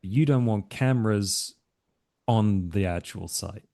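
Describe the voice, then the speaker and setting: A man playing his character in a live tabletop role-play, talking in an easygoing, halting way full of fillers. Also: lowish voice, gravelly, dark tone.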